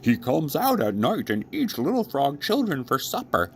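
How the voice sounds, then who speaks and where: A man's voice: fairly high pitch, wildly swooping pitch, moderate pace, slight background noise, pitched above the performer's own voice. A man reading aloud, voicing a father frog in a storybook who tells of a ghost in an ominous way. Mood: spooky.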